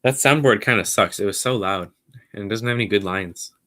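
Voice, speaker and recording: A man hosting his own podcast stream, rambling along casually in a low-key, somewhat mumbly way. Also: a little fast, a bit bright. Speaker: podcast host. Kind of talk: casual solo livestream chat.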